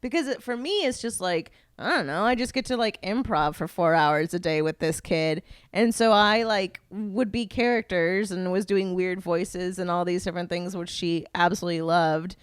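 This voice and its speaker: A woman's voice: fairly low pitch, moderate pace, hardly any pauses, clean tone, no room sound, studio quality. A woman in her thirties hosting a podcast, telling stories in a casual chat and acting out the voices of the people she quotes. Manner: animated storyteller who acts out quoted voices. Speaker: podcast host.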